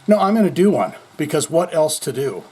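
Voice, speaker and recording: A man's voice: fairly high pitch, sing-song, a little fast, husky. A man hosting his own heavy metal news podcast from home, rambling and joking with a lot of swearing. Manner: rambling, jokey and profane with sudden swings in loudness. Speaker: podcast host. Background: people moving things around.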